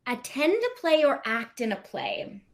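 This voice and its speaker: Higher-voiced actress, chatty and animated, tells anecdotes with quoted lines. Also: female voice, unhurried. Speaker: actress promoting a film. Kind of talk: casual playful chat.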